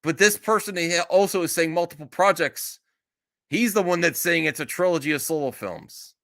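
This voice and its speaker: Male streamer host, fairly high voice with a bright, forceful edge; blunt, exasperated, swears a lot. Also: moderate pace, gravelly. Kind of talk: casual live-stream chat.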